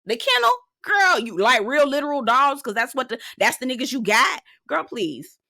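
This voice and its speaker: A woman giving a sassy, animated recap of a reality show in casual commentary. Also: moderate pace, no room sound, studio quality. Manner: sassy, animated storytelling, swings pitch for emphasis.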